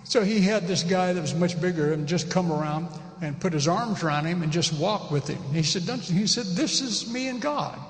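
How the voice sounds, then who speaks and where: A man's voice: high voice, moderate pace. Man, pastor, conversational sermon, emphatic repetition, echoey church hall, long reverb. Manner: emphatic, repeats key phrases.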